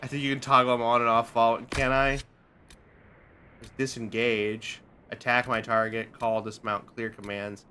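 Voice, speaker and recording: A man's voice: medium pitch, little pitch movement, moderate pace, pushed and bright, a little hiss or hum. A man streaming a game live, joking, swearing and muttering to himself as he plays. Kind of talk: live gameplay commentary.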